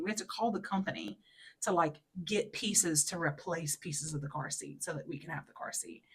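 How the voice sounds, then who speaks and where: A woman in her thirties, a podcast co-host, telling a story in casual chat with many fillers and acted-out quotes. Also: husky. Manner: acts out quotes in a high, loud voice.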